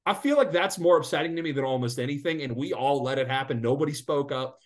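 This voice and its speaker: A man co-hosting a casual podcast, ranting with lots of swearing and animated outbursts. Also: medium pitch, fast, background noise. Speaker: podcast co-host. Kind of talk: casual sports betting podcast chat.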